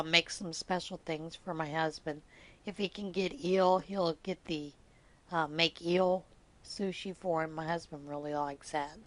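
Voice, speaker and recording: A middle-aged woman who hosts a knitting podcast chats through good-humored, teasing anecdotes on a casual craft storytelling vlog, laughing often. Her voice is fairly low in pitch with a fairly bright tone.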